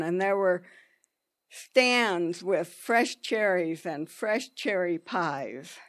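Woman for a personal story: unhurried, deliberate, halting, restarts mid-sentence. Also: lowish voice.

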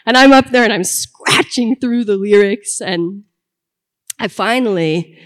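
A woman's voice: mid-range voice, unhurried. A young woman telling a personal story to an audience in a conversational, comic way that builds to punchlines. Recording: long hall reverb.

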